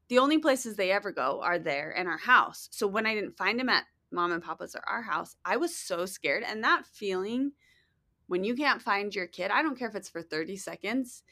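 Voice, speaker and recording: Bright-voiced woman in casual chat. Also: mid-range voice. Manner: rambling, filler-heavy storytelling. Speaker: podcast co-host.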